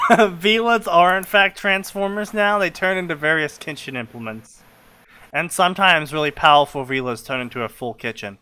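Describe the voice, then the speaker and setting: A man's voice: on the high side, normal speed, bright, forceful tone, clean tone. A young man casually reading fanfiction aloud and commenting, rambling, laughing and swearing.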